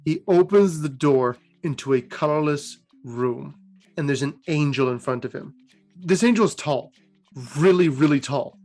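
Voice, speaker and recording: An animated, chatty co-host casually retells fantasy game lore with a steady, mid-pitched voice. The delivery is conversational and unscripted, full of asides. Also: moderate pace, soft background music. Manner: animated, chatty, laughs at own jokes.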